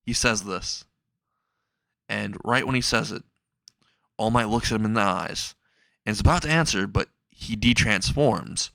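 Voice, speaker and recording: A man's voice: lowish voice, lively intonation, normal speed, vocal fry, long pauses, a bit bright, dry recording. Man rambling through a fan story. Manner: rambling, restarts, chuckles. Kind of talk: casual fan story narration.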